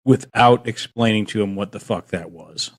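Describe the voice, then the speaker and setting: A man's voice: on the low side, moderate pace. A man chatting on a podcast, blunt and repetitive, swearing casually.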